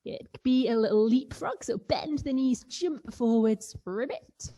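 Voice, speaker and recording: A woman's voice: a little high, a little slow, dark tone. A woman guiding children through a playful yoga session, sometimes making animal sounds. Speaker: kids yoga teacher. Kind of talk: guided kids yoga instruction.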